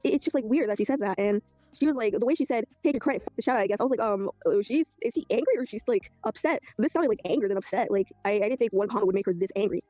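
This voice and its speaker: Rapid rambling storyteller, muffled clip. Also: medium pitch, dark tone, no echo, faint music behind. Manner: rambling, quoting messages aloud. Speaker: video creator telling a story. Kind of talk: casual storytelling recap.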